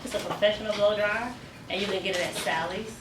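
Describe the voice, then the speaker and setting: A woman hair stylist talks through a salon demonstration in a chatty, explanatory way, with plenty of ums. Her voice sits at a middle pitch. The mic is some distance off in an echoey room, with salon noise clearly heard underneath. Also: steady tone, quick pace.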